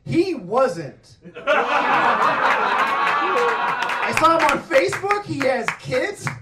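A man telling a stand-up story on a comedy stage, swearing freely and acting out yelling coaches. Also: very high voice, very slow, far from the mic, very noisy. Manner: profane, animated, acts out coaches' yelling. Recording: echoey hall with crowd laughter, mic from afar. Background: audience laughing.

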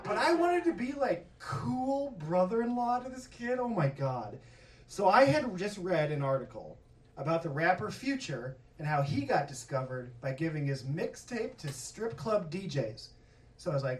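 A man's voice: high-pitched, normal speed, recorded from a distance, slight background noise. A man doing a stand-up comedy set, telling a story conversationally and swearing often. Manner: conversational storytelling with swearing and animated quoted voices.

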